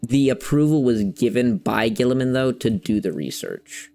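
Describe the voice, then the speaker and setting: A man's voice: medium pitch, normal speed, warm tone. A young man streaming a game, chatting casually and rambling, searching for words and using loose slang. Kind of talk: casual chat while playing a game.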